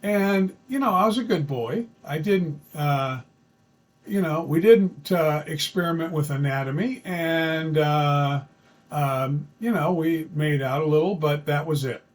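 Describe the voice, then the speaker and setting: Unhurried and fairly high-pitched, a man chats in a folksy way about a true event from his life, stumbling through fillers and restarts. The audio is low quality.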